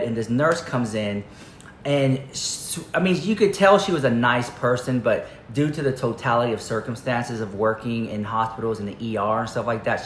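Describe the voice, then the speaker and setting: A man's voice: medium pitch, fairly bright tone. Chatty man rambling in an echoey room. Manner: chatty, rambling, filler-heavy. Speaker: commentary vlogger. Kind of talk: casual storytelling to camera. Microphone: camera. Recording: echoey room, faint noise.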